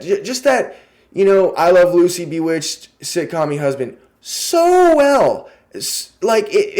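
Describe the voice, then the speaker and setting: A young man in a casual review vlog, excitable and rambling, who swears freely and gushes in spurts. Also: on the high side. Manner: lots of fillers and restarts in a gushing delivery.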